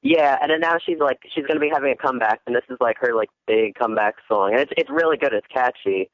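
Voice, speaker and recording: A man's voice: medium pitch, quick pace, no echo, lo-fi sound. A young man with a New Jersey accent, a radio guest talking easily about his music work. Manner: easygoing, upbeat, laughs often. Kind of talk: casual radio interview chat.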